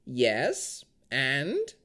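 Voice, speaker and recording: A man's voice: on the high side, wildly swooping pitch, voice pushed up, exaggerated voice. A man voicing a menacing, scornful old crone hag in an audiobook, harsh and drawn out. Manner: slow, drawn-out delivery. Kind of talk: audiobook character voice.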